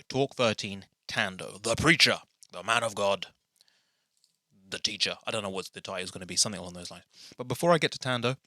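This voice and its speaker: A man's voice: lowish voice, pushed and bright, no echo. A man hosting his own podcast from a small bedroom studio, rambling and self-mocking in a casual chat to the camera. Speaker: podcast host. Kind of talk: casual solo podcast intro.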